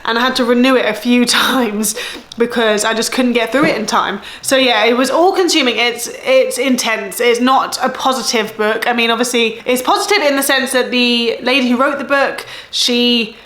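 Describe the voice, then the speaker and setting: A woman's voice: fairly high pitch, fairly even intonation, normal speed, a bit bright, reverberant. A woman in her thirties with an English accent, chatting casually about her month of reading, rambling and correcting herself as she goes. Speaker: book vlogger. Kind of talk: casual chat.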